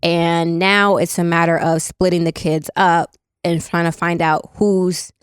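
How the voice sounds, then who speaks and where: A woman's voice: lowish voice, little pitch movement, a little slow, clear, resonant tone, dry recording, clean studio sound. A woman in her thirties co-hosting a casual podcast, telling stories bluntly with plenty of fillers. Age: 30s. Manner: blunt, laid-back storytelling with frequent fillers. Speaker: podcast co-host.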